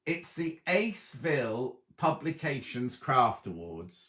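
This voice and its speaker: A man hosting a sewing show in a chatty, easily distracted way, reading viewer comments out loud from his sofa at home. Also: mid-range voice, sing-song, takes it slowly, roomy sound. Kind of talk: casual livestream chat reading viewer comments.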